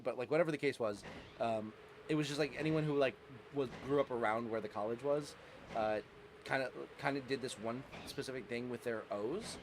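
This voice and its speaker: A young man with a New Jersey accent rambles casually while streaming a game. His voice sits at an ordinary mid pitch, and he laughs a lot, circling back over his words and filling gaps with ums and likes. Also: slight background noise. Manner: rambling, chuckling, many fillers and restarts. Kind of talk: casual live-stream chat while gaming.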